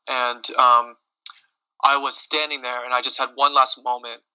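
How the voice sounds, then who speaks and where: A man's voice: mid-range voice, flat delivery, normal speed, sharp tone, clean tone. A man, a singer being interviewed, telling a personal story in an earnest, heartfelt way with many restarts. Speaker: lead singer, interview guest. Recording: dull lo-fi audio.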